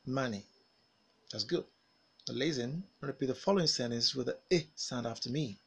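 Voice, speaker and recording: A man teaching a pronunciation lesson, saying vowel sounds and model words with careful, drawn-out articulation and pausing for learners to repeat after him. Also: mid-range voice, vocal fry, fairly bright tone, husky. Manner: over-articulated, drilled with pauses for repetition. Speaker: phonics teacher. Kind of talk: slow, deliberate pronunciation lesson.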